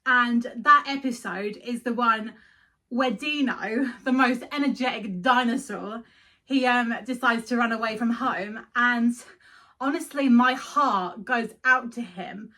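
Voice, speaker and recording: Chatty, giggly woman host, high bright voice, emotional cartoon commentary. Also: measured pace. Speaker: video host. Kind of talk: casual cartoon review commentary.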